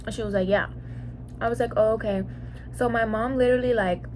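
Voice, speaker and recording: A young Mexican woman, a mukbang vlogger, tells a personal story in a casual vlog monologue. Her voice is on the high side and steady, she talks fairly quickly, and there's background noise. She's chatty, says "like" constantly, and acts out what people said.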